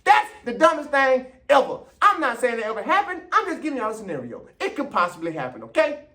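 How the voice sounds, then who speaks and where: A man on his own show with a high, swooping voice, ranting in a heated, emphatic way. He hammers the same points again and again and leans hard on key words. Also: wildly swooping pitch, bright, forceful tone. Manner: passionate, emphatic, repeats points, drawn-out stresses. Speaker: vlog host and runner. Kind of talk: heated opinion rant to camera.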